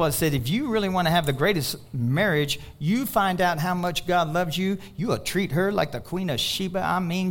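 A male pastor preaching a sermon, animated, telling stories with quoted dialogue and rising to near-shouts on emphasis. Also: fairly high pitch.

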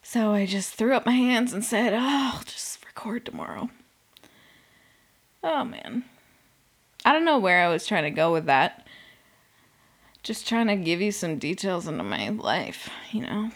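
A woman's voice: medium pitch, big pitch swings, normal speed. A young woman hosting a podcast, talking casually and sarcastically about a reality show, swearing often and filling with "like". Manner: sarcastic, swears a lot, fills with "like". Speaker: podcast host. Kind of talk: casual reality-TV recap monologue.

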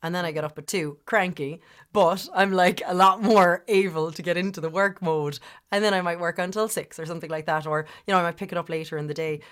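Low-voiced woman, chatty guest. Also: fairly even intonation, a little fast. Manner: chatty, full of "like" and restarts. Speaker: podcast guest, business founder. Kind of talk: candid conversational interview.

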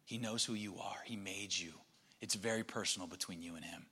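Bright-voiced preacher in a reverberant hall. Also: male voice, fairly low pitch, a little fast, slightly rough. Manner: shifts between soft near-whispers and emphatic raised passages. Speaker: pastor. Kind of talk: sermon.

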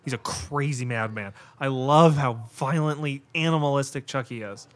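Talking at a moderate pace in a middle-pitched voice, a male podcast host narrates a horror movie live, unscripted and excitable. He reacts with frequent gasps, laughs and curses, scattering "like" and "God" throughout.

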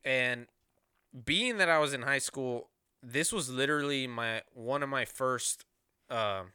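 A man's voice: mid-range voice, measured pace, smooth, dry recording. Young man, podcast guest, casual profane storytelling, dry close sound. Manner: profane, rambling, animated retelling.

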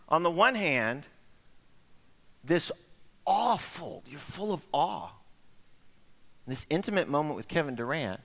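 Lively, bright-voiced preacher in a reverberant hall. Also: male voice, fairly high pitch. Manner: animated storytelling, acting out quoted voices. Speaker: pastor. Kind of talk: sermon. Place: church sanctuary.

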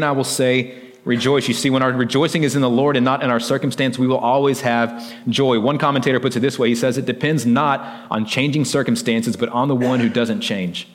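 A man's voice: mid-range voice, long reverb tail. A man preaching a sermon as pastor, in a loose conversational way, often tossing in "like" and "right?" to his listeners.

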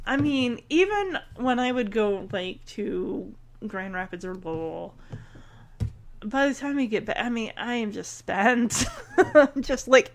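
A woman chatting casually as she recaps a sitcom, animated and acting out the characters' lines. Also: fairly high pitch. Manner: chatty, animated, acts out quotes. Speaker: show recapper. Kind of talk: casual chat.

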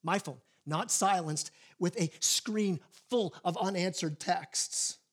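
A man preaching a sermon as pastor, telling stories in an animated way with frequent restarts and acted-out quotes. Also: high voice, slow.

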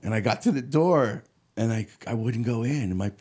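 A man's voice: medium pitch, moderate pace, husky. A male comedian telling stories on a podcast in a studio, acting out what people said and laughing often. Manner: animated, laughing storyteller who acts out quotes. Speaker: comedian guest. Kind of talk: casual storytelling.

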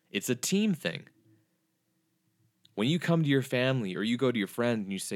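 A man's voice: mid-range voice, expressive, moderate pace, fairly bright tone, no echo, studio quality. A young adult man teaching the Bible on a podcast, earnest, with emphatic, repetitive phrasing.

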